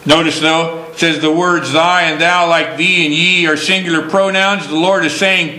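A man preaching a sermon slowly and emphatically, stressing key words. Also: on the high side, steady tone, pushed and bright, echoey room, poor audio.

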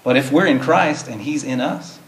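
Male Bible study teacher, mid-pitched, earnest and plain-spoken, in an echoey room. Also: normal speed. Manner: earnest, explains plainly, reads verses in King James wording. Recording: roomy echo.

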